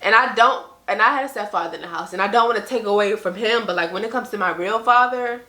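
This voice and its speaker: A young woman speaks in a casual, earnest vlog monologue, her voice bright and forward. She leans on "like" and "you know" and slips into animated quotes of other people. The room around her gives the sound a noticeable echo. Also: medium pitch, fast. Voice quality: conversational, frequent "like" and "you know". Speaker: vlogger.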